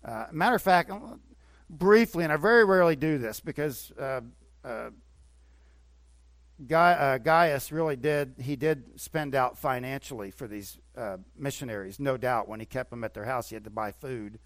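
A man preaching a sermon, moving between emphatic bursts and quieter asides. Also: medium pitch, normal speed, no room sound. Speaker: pastor.

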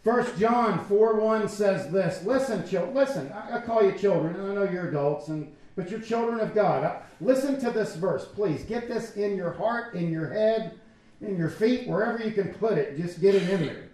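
High-voiced pastor in an echoey church. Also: male voice, moderate pace. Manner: animated, conversational preaching with acted-out quotes. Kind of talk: sermon.

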